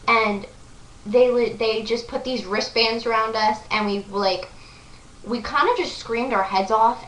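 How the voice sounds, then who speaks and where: A young woman vlogger excitedly telling a story to the camera, gushing and full of "like" fillers. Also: mid-range voice, recorded from a distance. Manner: breathless, gushing, lots of "like" fillers. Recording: echoey room, voice off-mic.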